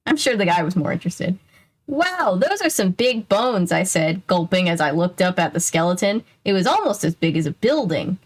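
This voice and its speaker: A woman's voice: lowish voice, lively intonation, brisk. A young woman casually reading a children's mystery book aloud, breaking off for jokey, wry asides.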